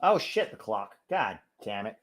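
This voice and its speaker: A man's voice: on the low side, sing-song, a little slow, a bit bright. An American man hosting a live football watch-along, chatting casually with viewers and exclaiming at every chance. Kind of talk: live casual match commentary and chat.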